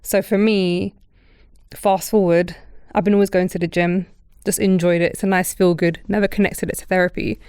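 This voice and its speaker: A woman's voice: on the low side, normal speed, clear, resonant tone, no room sound, studio quality. A woman, hosting a podcast and telling her own story candidly, acting out the people in it. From Britain. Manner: candid, animated storytelling with quoted voices. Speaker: podcast host. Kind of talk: casual chat.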